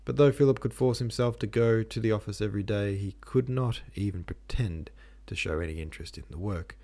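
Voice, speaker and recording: Man, podcast host, novel reading, very low pitch, casual asides. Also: brisk, warm tone. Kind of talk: reading a classic novel aloud.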